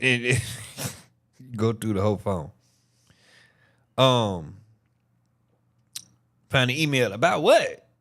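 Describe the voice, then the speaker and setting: A man's voice: medium pitch, fairly bright tone. A tired man hosting a commentary vlog, reacting to trial testimony in a blunt, profane, incredulous way. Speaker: commentary channel host.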